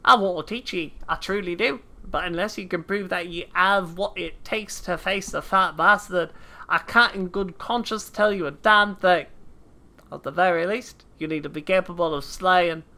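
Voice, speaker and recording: A woman voicing a gruff, cocky male mercenary from a game, in a put-on British accent that slides into Australian, rough and swaggering. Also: lowish voice, sharp tone. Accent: put-on British slipping into Australian. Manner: rough, swaggering, clipped drops like "oi" and "ain't". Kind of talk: reading game dialogue aloud.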